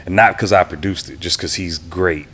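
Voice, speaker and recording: Deep-voiced man reminiscing in an interview. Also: normal speed, slightly rough. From Houston area, Texas. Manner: relaxed, reminiscing, acts out quoted voices. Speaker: interview guest, DJ and producer. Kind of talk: casual interview storytelling.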